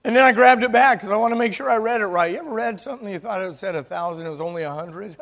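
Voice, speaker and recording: A pastor preaching a sermon, an animated storyteller who acts out the dialogue of his story. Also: sits high, very fast. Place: church sanctuary. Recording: church hall reverb.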